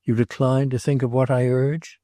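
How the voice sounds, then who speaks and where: A man reads as an earnest friend and patron in a read novel, pressing his point with grave, steady urgency. His voice sits a little higher than the narration but keeps a mellow, warm color. The recording is close and dry. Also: moderate pace, dry recording, natural voice. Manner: earnest, urging.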